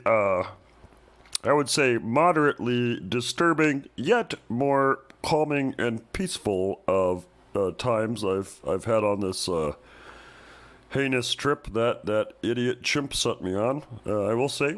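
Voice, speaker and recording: A man's voice: mid-range voice, expressive, takes it slowly, voice pushed up. A man voicing a crude, grumpy male bullfrog caller who rambles and complains in a comedy call-in bit. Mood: grumbling.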